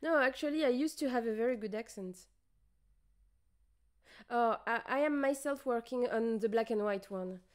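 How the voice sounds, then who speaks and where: The streamer, a tired young woman with a French accent, talks at normal speed in a higher voice, pausing often. Chatting casually on the livestream, she hesitates as she looks for English words.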